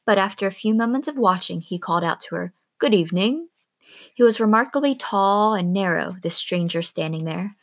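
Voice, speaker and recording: A woman reads a novel aloud in a calm, steady storytelling voice. Her pitch sits in a middle range. The recording is close and dry, with no room sound. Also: brisk, few pauses, no echo. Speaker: reader.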